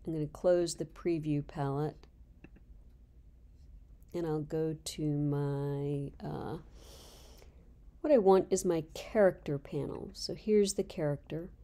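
Slow, low-voiced woman instructor. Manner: calm step-by-step explaining. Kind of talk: screen-recorded software tutorial.

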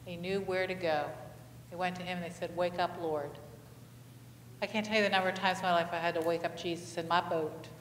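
Woman, pastor, conversational sermon, animated, long church reverb, faint room hum. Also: fairly low pitch, a little fast. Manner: asks the congregation many questions, animated storytelling. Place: church sanctuary. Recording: echoey church hall, faint ambience.

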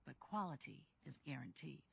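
An actress voicing a fast-talking wandering livestock trader in a video game, talking up her goods. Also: a bass voice, sing-song, vocal fry, a bit bright, faint music behind, heavily acted. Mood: salesy. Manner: salesy, talks up her goods.

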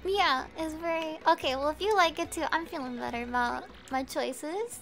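A young woman streaming a video game, chatting casually and rambling with viewers, quick to laugh and swearing freely. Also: high-pitched, a bit bright, soft background music. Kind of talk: casual gameplay chat.

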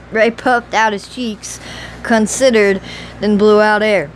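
A woman reading an audiobook novel in a steady, measured storytelling voice. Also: medium pitch, a little hiss or hum, poor audio. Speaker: audiobook reader. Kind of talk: audiobook narration.

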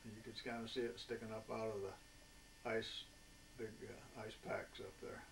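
A man in his eighties, a veteran, recalling his wartime years in a folksy, rambling way with many filler pauses. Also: fairly low pitch, flat delivery, vocal fry. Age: 80s. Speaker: veteran interviewee. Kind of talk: oral history reminiscence. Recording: distant mic with faint background noise.

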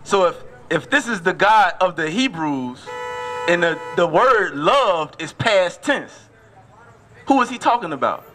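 A man preaching on a city street, questioning a passerby insistently and repeating verses slowly to stress them. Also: high voice, lively intonation, pushed and bright.

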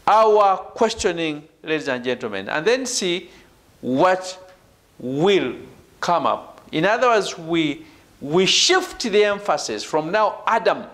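A middle-aged male professor gives a university lecture, his fairly high voice rising and falling in lively swings. He works through each point slowly and deliberately, repeating himself for emphasis and checking in with his students. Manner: repetitive and emphatic, punctuating points with "right?" and "ladies and gentlemen". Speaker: professor leading a doctoral seminar.

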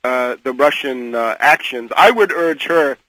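A man's voice: medium pitch, lively intonation, unhurried, pushed and bright, no room sound, low-quality recording. An older man speaking as a guest commentator in a radio interview, often hesitating and repeating words as he makes pointed criticisms.

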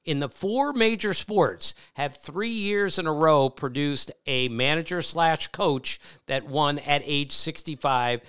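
A man's voice: fairly high pitch, slow, hardly any pauses, fairly bright tone, clear, resonant tone. A middle-aged man hosting a podcast, telling stories in casual chat and laughing often. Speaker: podcast host, baseball reporter.

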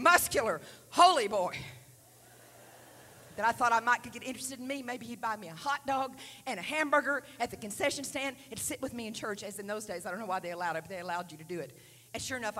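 A woman preacher in her sixties gives a testimony sermon with a high, bright, ringing voice. She sinks to hushed near-whispers, then climbs to fervent shouts. The sound carries the long reverb of a large church sanctuary over faint background noise. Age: 60s. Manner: breaks into speaking in tongues.

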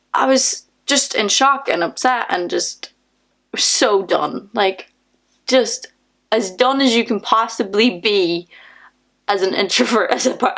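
A young woman with a Northern Irish accent, telling a story in a casual, animated vlog with lots of fillers. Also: medium pitch. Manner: chatty, animated, many fillers, laughs often. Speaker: vlogger.

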